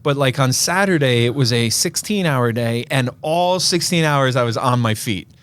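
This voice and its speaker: A man co-hosting a film podcast in a relaxed, joking chat, with plenty of fillers and restarts. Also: medium pitch, moderate pace, smooth. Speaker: podcast co-host. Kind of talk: casual chat.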